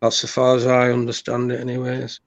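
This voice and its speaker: A man, a guest in a casual chat, talking bluntly and rambling with halting restarts. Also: medium pitch, completely flat delivery, vocal fry, no echo.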